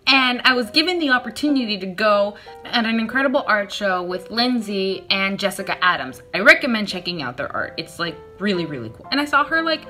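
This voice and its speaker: A woman's voice: medium pitch, lively intonation, fairly quick, bright, forceful tone, faint music behind. A young woman vlogger telling a personal story in a chatty, self-deprecating way, acting out her own nervous replies. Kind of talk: casual storytelling vlog.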